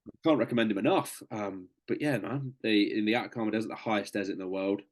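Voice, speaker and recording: Deep-voiced man telling a story. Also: fast talker. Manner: swearing, chatty, says "mate" a lot. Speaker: podcast guest. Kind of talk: casual storytelling.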